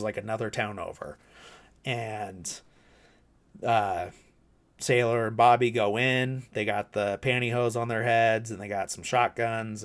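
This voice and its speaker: A man's voice: on the low side, a bit bright. A man casually recapping a movie plot on a podcast, rambling loosely with lots of fillers and casual swearing. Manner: rambling, loose, swears freely, heavy "like" and "you know". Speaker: podcast co-host.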